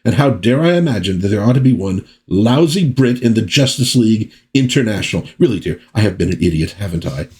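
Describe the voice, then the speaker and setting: A man's voice: lowish voice, lively intonation, a little fast, hardly any pauses, a little mellow, natural voice. A man voicing a sarcastic, exasperated middle-aged husband.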